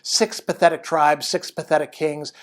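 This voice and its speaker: A man's voice: a little high, fairly even intonation, moderate pace, fairly bright tone, lightly acted. A man reading out the lines of an arrogant young warrior from a novel, in a declamatory way. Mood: grandiose.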